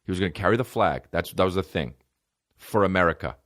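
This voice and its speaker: A man hosting a podcast, telling comedic stories in a profane, animated way and acting out the people he quotes. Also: deep voice, quick pace. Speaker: podcast host. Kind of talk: comedic storytelling.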